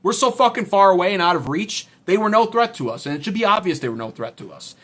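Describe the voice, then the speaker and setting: A man's voice: high-pitched, lively intonation, fast talker, a bit bright. A man hosting a political livestream, reading chat and ranting in a profane, sarcastic, heated way. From United States. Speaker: political commentary streamer.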